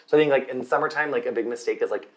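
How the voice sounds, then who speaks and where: A man's voice: medium pitch, rapid-fire. A man chatting as a hairstylist guest while doing someone's hair, gushing and packing his talk with "like". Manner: gushing, filler-heavy with constant "like". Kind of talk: casual chat while styling hair.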